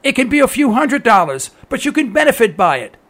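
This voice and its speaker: Speaking briskly in an extremely high, somewhat bright voice with big pitch swings, a US political commentator rants in radio-monologue style. Sarcastic and emphatic, he repeats himself to drive each point home.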